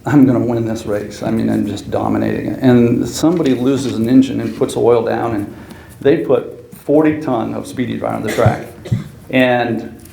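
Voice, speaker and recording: Guy w a gravelly voice telling stories at an awards banquet, echoey hall, bit of room noise. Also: mid-range voice, mellow. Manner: storytelling with laughter, earnest. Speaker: hall of fame inductee. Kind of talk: acceptance speech.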